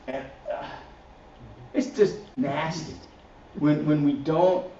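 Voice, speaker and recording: On the high side and mellow, this man speaks slowly over a slight hiss or hum. As a ministry teacher in a recorded church class, he keeps things casual and repetitive, restarting phrases and punctuating points with "right?". The recording is lo-fi, dull, distant and roomy.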